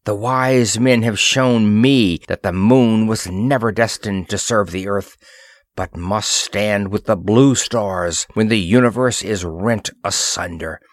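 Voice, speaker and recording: A man's voice: on the low side, slow, no room sound, clean studio sound. A man voicing a harsh, proud older queen who speaks solemnly.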